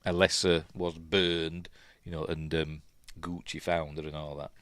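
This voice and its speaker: A man's voice: rumbling low, level tone, measured pace, a bit bright, no echo, clean studio sound. A middle-aged man with a Yorkshire accent hosts a casual film commentary, rambling with many fillers and chuckling as he goes. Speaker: host.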